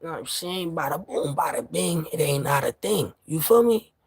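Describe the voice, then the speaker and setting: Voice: mid-range voice, animated, normal speed, gravelly, a little mellow, husky, dry recording. A vlogger from New York ranting to camera in casual, profane street slang, heated and laughing by turns.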